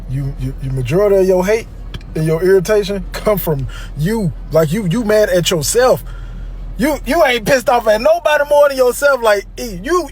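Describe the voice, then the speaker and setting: A man ranting casually, animated and profane, repeating himself as he goes. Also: high voice. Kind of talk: casual rant to camera.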